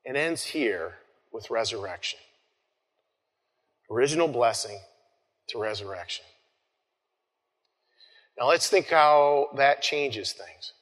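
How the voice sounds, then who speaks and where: A man preaching an Easter sermon as pastor, talking conversationally with frequent restarts and soft trailing phrases. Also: mid-range voice, lively intonation, slow, long pauses. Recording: long hall reverb.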